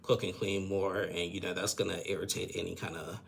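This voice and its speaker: A man's voice: deep voice, flat delivery, a little fast, gravelly, fairly bright tone, breathy edge. A man casually recapping a reality TV episode, rambling, repeating words and adding judgmental asides.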